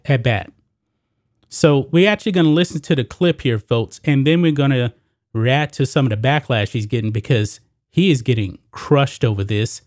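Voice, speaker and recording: A man's voice: mid-range voice, darkish tone, dry recording, studio quality. A man hosting a solo sports commentary show, talking casually to his viewers as guys and folks.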